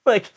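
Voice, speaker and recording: A man co-hosting a podcast in casual chat, telling stories with lots of acted-out quotes and frequent laughter. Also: lo-fi sound. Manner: animated storyteller, acts out quotes, laughs often. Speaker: podcast co-host. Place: studio.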